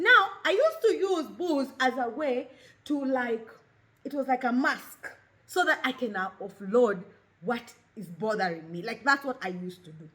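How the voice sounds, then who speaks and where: Her voice is high-pitched and a bit bright as this Kenyan talk show host, in her thirties, shares a candid personal monologue. She switches between English and Swahili, speaking openly and with expression.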